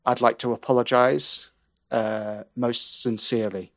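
A man co-hosting a podcast in casual chat, making dry joking asides and trailing off quietly at the ends of phrases. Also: mid-range voice, flat delivery, measured pace. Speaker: podcast co-host.

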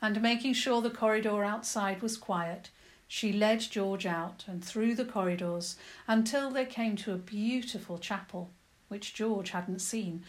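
A woman narrating a children's adventure story with lively, expressive delivery. Her voice sits at a middle pitch for a woman and keeps the pace of a bedtime tale.

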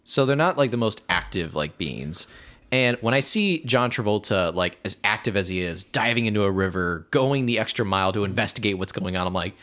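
Man, lower voice, podcast co-host, loose rambling film chat. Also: lively intonation, fairly quick, a bit bright. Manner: rambling, many "like" fillers, quotes lines.

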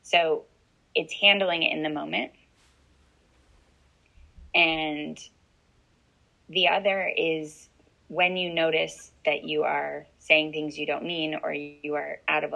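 A woman coach explaining calmly as an interview guest, often checking in with "right?". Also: deep voice, creaky, low-quality recording.

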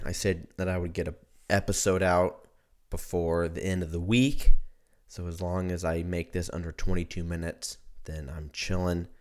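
A man's voice: deep voice, a bit bright, smooth. A man hosting his own podcast in a casual solo monologue, drunk, congested, rambling and swearing freely. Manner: rambling and profane. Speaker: podcast host. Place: at home.

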